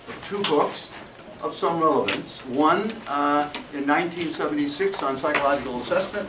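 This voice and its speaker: A man in his seventies giving a talk to an audience as a guest speaker, halting and often restarting his sentences. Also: a little high. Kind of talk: lecture to an audience. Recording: distant, echoey, with room noise.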